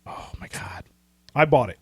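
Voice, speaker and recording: Rambling, excitable male podcast co-host. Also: moderate pace, no room sound, whispered. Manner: rambling, excitable, swears casually. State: losing his voice. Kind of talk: casual chat.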